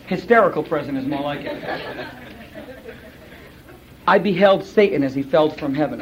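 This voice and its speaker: A man, a pastor, giving sermon-style Bible teaching to a class. He is emphatic and animated, fires off rhetorical questions and acts out other people's voices. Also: a little high, moderate pace, pauses often, some chatter behind, slight background noise. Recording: dull lo-fi recording.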